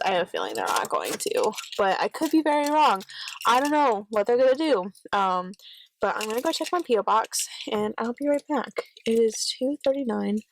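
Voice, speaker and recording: A woman's voice: mid-range voice, slight background noise, low-quality recording. A young woman, chatting casually in a vlog from her car, rambling with lots of fillers and cursing freely. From Texas. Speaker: vlogger. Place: in and around her car, partly outdoors. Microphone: phone camera set down nearby.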